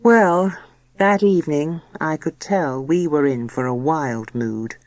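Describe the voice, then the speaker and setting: A woman's voice: low-pitched, slow pace, a little mellow, no echo. A woman narrating an audiobook in the first person as a young engaged daughter, in a chatty, confiding, gossipy manner.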